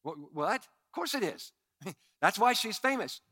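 Male pastor, middle-aged, lively sermon delivery with wide pitch swings and acted-out quotes. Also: measured pace, dry recording, clean studio sound. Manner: animated preacher, acts out quoted lines with big swings in loudness.

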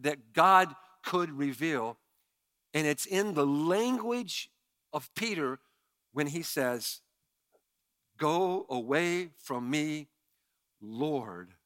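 Bright-voiced pastor preaching animatedly. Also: male voice. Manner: animated storytelling with repeated stammered restarts; drops to a quiet low voice for emphasis. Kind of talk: sermon. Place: church sanctuary.

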